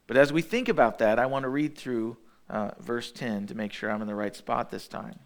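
A man preaching a sermon as pastor, walking through Bible verses one by one and acting out quoted voices with sudden high bursts. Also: normal speed.

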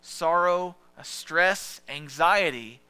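A man preaching a sermon as pastor, talking conversationally and asking the listeners questions, often dropping to a soft hush. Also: on the high side, slow, clear, resonant tone.

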